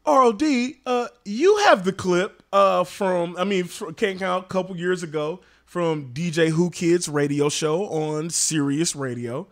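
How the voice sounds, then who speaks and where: A man's voice: high-pitched, measured pace, hardly any pauses, fairly bright tone. A man co-hosting a podcast in casual chat, laid-back, laughing often and steering the talk. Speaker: podcast co-host.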